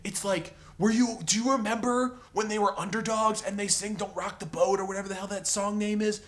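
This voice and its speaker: A man's voice: high voice, fairly even intonation, fairly quick, a bit bright. A man giving an opinionated, rambling TV review, exasperated and sarcastic, full of filler words. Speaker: TV episode reviewer.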